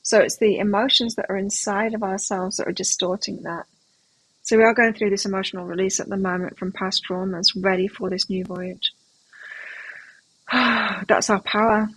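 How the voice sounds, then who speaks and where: A woman's voice: medium pitch, little pitch movement, moderate pace, fairly bright tone, husky, dry recording, low-quality recording. A middle-aged woman hosting a live tarot stream, chatting casually and telling rambling anecdotes between readings.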